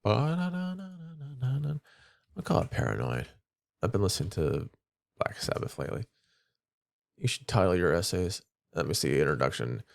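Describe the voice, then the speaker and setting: A man's voice: rumbling low, expressive, a little fast, creaky, pauses often, no room sound. A man teaching a class, reading a story aloud expressively, then talking in a casual, rambling way.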